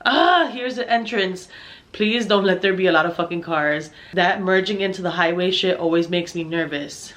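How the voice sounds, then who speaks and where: A woman's voice: lowish voice, moderate pace, a bit bright. A young woman narrating a personal story in a casual storytime style, swearing a lot and sounding exasperated as she acts out what people said. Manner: profane, exasperated, acts out dialogue.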